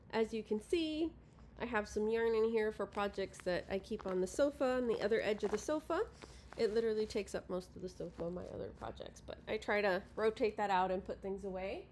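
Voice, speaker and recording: A woman talking loosely about her handmade crafts, her voice pitched a little high. She rambles, stops on frequent ums and corrects herself as she goes, sounding sleepy from yawning. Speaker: crafting vlogger. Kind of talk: casual show-and-tell. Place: at home by a sofa.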